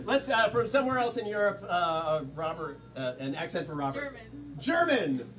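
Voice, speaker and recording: A man's voice: high voice, very animated, a little fast. A man hosting a live improv comedy game on a theater stage, energetically calling out the rules and prompts to the players. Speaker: improv show host. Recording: live audience crowd noise.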